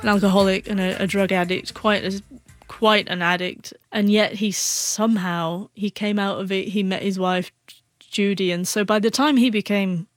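A woman's voice: medium pitch, no room sound. Woman who stutters, talking plainly. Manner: speaks with a stutter, repeating first sounds. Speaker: guest author. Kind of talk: radio interview answers.

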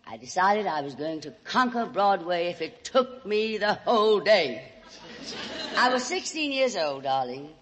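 Southern woman radio host, theatrical drawl, wide-ranging pitch, roomy hall echo on an old broadcast. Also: sing-song, measured pace, fairly bright tone, a faint crowd, slight background noise. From Alabama. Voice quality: theatrical, drawling, calls everyone darling. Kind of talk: comedy monologue.

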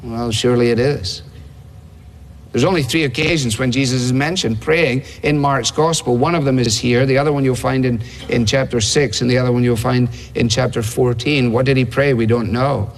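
A man's voice: medium pitch, steady tone, moderate pace. A man preaching a sermon in a conversational way, asking rhetorical questions. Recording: long hall reverb.

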